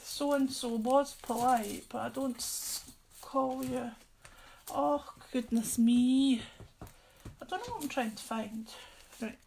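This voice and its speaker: A woman's voice: high-pitched, slow, vocal fry, a little mellow, a little hiss or hum. A woman hosting a casual live craft stream, chatting and teasing her partner in a mock-scolding way. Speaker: craft show host.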